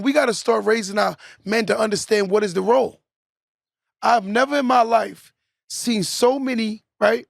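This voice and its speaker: A man's voice: high voice, creaky, no room sound, studio quality. A young man hosting a podcast, delivering a preachy motivational monologue and tagging points with "right?". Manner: preachy, repeats "right?" as a tag. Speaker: podcast host.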